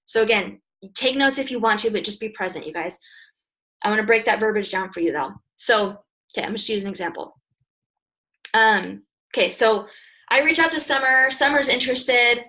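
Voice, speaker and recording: A young woman with a fairly high voice coaches her sales team with energetic, emphatic directness. She keeps checking in with her listeners and pushes each point hard. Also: moderate pace. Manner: energetic, direct, emphatic, repeats "okay?" and "you guys". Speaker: network marketing team leader. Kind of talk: motivational coaching talk.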